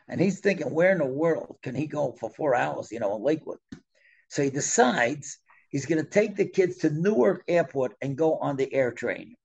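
A middle-aged man telling a story in an animated way, often letting his voice drop soft. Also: on the high side, moderate pace, vocal fry, slightly rough. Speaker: storyteller guest. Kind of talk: conversational storytelling.

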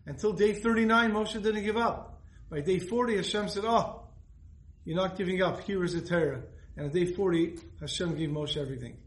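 A man's voice: sits high, moderate pace, roomy sound, rough recording. A man teaching a Torah lesson, telling stories earnestly and repeating phrases for emphasis.

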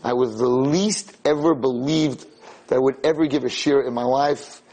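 A man from New York, a rabbi telling stories in an animated way to a live audience in a room. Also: normal speed, rough recording. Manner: animated, jumps high when quoting people. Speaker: rabbi giving a talk. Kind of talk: storytelling Torah talk to a live audience.

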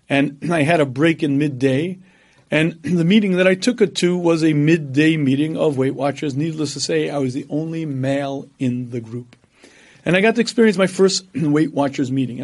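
A man lecturing on religion, his voice sitting fairly high for a man. He mixes stories with teaching, acts out the people in them, and keeps pausing to clear his throat. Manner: storytelling, animated quoting of others.

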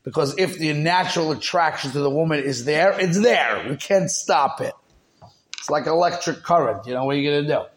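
A man's voice: fairly high pitch, lively intonation, brisk. A man teaching a Torah class, mixing Hebrew terms into his explanations and checking in with his listeners.

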